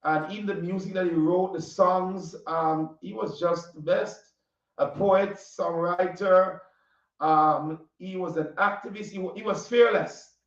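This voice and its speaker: A man with a Caribbean accent hosting a casual interview, animated, often laughing and repeating his questions. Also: sits high, unhurried. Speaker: interview host. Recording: distant, roomy, dull audio.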